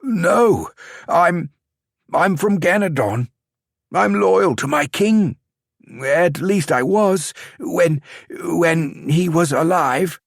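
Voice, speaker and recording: A man's voice: mid-range voice, expressive, slow pace, dry recording, clean studio sound, pitched above the performer's own voice. A man voicing a frightened young male soldier who stammers and pleads. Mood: nervous, desperate.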